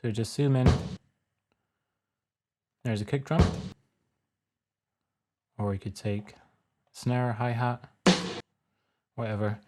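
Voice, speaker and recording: A man casually talking through a music production tutorial step by step in a relaxed, plain way. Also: mid-range voice, slow pace, long pauses. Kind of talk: casual screen-recorded tutorial.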